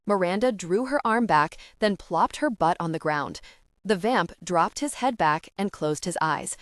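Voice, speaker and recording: Audiobook narrator, woman, steady storytelling, lower voice, dry close studio sound. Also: unhurried, no room sound. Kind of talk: scripted narration.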